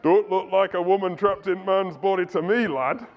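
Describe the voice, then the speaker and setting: A man putting on a gruff old Yorkshire grandfather. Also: sits high, fairly even intonation, normal speed, pitched above the performer's own voice. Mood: scoffing. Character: blunt older northern English grandfather. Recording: muffled lo-fi recording.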